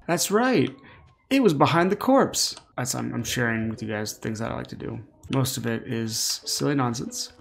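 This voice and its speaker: A man's voice: mid-range voice, gravelly. A man hosting a gameplay video with casual commentary and playful, jokey asides. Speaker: gaming video host.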